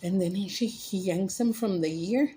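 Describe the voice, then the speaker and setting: A woman vlogger casually telling a joke in a rambling, animated way and correcting herself as she goes. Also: medium pitch, moderate pace. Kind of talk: casual storytelling.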